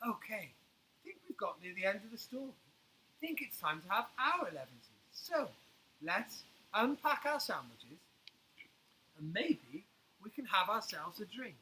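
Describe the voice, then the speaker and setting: Animated male children's storyteller. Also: sits high, a little slow, husky, rough recording.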